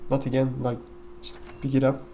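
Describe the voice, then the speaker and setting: A man talks through his game run in a loose, rambling way, full of fillers and self-corrections. His voice sits at an ordinary middle pitch. The recording sounds a little dull and lo-fi, with a faint hiss behind it. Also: completely flat delivery, fairly quick, mellow. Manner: rambling, with many fillers and restarts. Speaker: gameplay commentator. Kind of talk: casual gameplay commentary.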